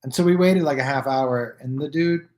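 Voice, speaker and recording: A man hosting his own live stream, telling stories casually to viewers and acting out the people in them with loose, profane, animated delivery. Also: medium pitch, normal speed. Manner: animated, acts out quoted dialogue with "I go" and "he goes"; loose and profane, with restarts and fillers.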